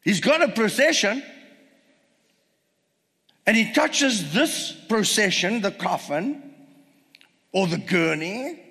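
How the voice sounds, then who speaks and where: A man delivers a sermon in a slightly high, very animated voice, taking his time over each phrase. He retells the story and keeps asking the congregation rhetorical questions. His voice carries a long reverb, as if recorded in a large hall. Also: slow, pauses often. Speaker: preacher.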